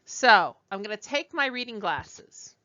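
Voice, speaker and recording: A woman leads a beginner French lesson at a slow, unhurried pace. Her pitch rises and falls in a lively way as she models each sound and repeats it patiently. The audio is dull and a little lo-fi. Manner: slow, patient, demonstrative pronunciation drills. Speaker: French teacher.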